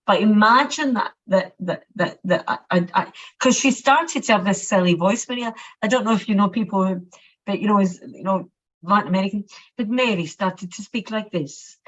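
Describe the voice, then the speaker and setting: A Scottish woman sharing personal reflections, halting and often repeating her words. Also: mid-range voice, fairly bright tone. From Scotland. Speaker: workshop participant. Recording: muffled lo-fi audio.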